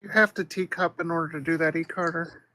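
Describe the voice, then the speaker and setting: A man on a live-stream panel pushes back point by point in a measured way. His voice is high for a man. The sound is dry and close. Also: fairly even intonation, bright, forceful tone, dry recording, rough recording. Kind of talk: casual live-stream debate.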